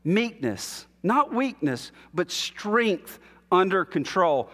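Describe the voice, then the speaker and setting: A man preaches in a high, carrying voice, taking his time and leaning on key words. He delivers the sermon at an unhurried pace. His voice rings out with the long echo of a large church hall. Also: sing-song, a bit bright. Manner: measured, emphatic preaching with long pauses. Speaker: pastor.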